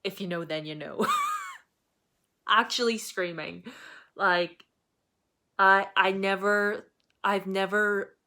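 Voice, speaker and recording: A young woman chatting casually in a reading vlog, excitable and full of fillers and laughs. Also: mid-range voice, drawn-out words, pauses often. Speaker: book vlogger.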